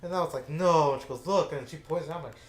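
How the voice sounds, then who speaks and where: Talking very fast at a fairly high pitch, a man who hosts a gaming channel rambles through a casual story with many fillers and restarts. He's recorded in an echoey room.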